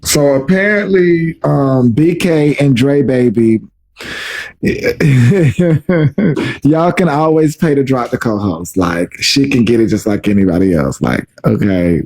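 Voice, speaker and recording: A man's voice: mid-range voice, animated, moderate pace, hardly any pauses, darkish tone. A man hosting a livestream, giving teasing, drawling gossip commentary. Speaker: livestream host.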